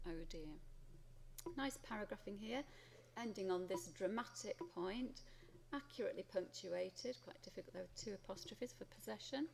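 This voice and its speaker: A woman's voice: mid-range voice, moderate pace, gravelly, darkish tone, a little hiss or hum. A woman with a Welsh English accent, an English teacher who reads a student's essay aloud and then comments on it as she marks it.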